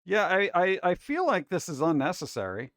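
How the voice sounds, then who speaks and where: An exasperated man hosting a casual food-video reaction show, with a fairly high voice that swings up and down in a lively way. He keeps cracking jokes between complaints. The recording is dry and close to the mic. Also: moderate pace, no echo. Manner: exasperated, wisecracking, animated.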